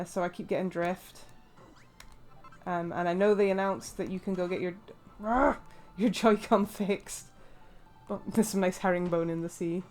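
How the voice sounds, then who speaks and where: An English woman chatting through a gameplay session in a relaxed, rambling way. She talks with plenty of fillers and asides. Faint game music sits under her voice. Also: medium pitch. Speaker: let's play host. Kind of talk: casual gameplay commentary.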